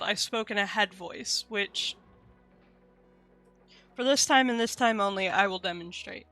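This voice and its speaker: A woman's voice: mid-range voice, a little slow, pauses often, fairly bright tone, no room sound, faint music behind. A young woman streaming live, chatting candidly with viewers and swearing casually as she explains things.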